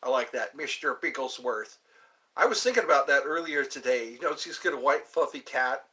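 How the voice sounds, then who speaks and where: A mid-range male voice, pushed and bright, fairly quick, with lively intonation. Hosting a livestream over a computer mic, he chats casually with viewers, amused and meandering, slipping into asides as he goes.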